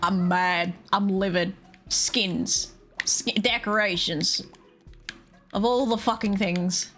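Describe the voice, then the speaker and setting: A woman's voice: medium pitch, fairly even intonation, slow, a bit bright, soft background music. A young woman streaming a game, grumbling aloud with sarcastic, heavily sworn commentary. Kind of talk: casual gameplay commentary.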